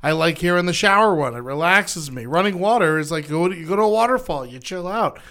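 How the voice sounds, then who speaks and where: A man from Florida co-hosting a podcast, with a slightly high, smooth voice. He talks in loose, profane, laughing banter. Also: lively intonation, fairly quick, fairly bright tone. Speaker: podcast co-host. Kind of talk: casual chat.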